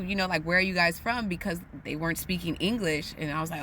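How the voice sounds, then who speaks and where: A woman's voice: on the low side, fairly quick, pushed and bright, a little hiss or hum. A woman from the United States talking casually and animatedly to her listeners, calling them y'all. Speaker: podcast host.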